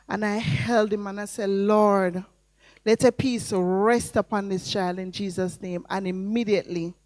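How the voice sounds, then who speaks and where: A Jamaican woman in her thirties giving an emotional church workshop testimony, swinging from hushed, confiding lines to loud, preacherly declarations. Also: mid-range voice. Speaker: workshop speaker.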